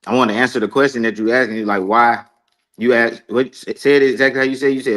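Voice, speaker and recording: A man's voice: mid-range voice, steady tone, fast talker, fairly bright tone. A man speaking as a guest on a casual podcast, hesitant and often repeating words as he makes his point. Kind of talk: casual livestream podcast talk.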